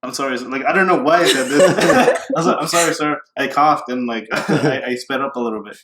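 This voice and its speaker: A man's voice: mid-range voice, fairly quick, noisy background. A man telling a personal story in casual podcast chat, rambling with many fillers.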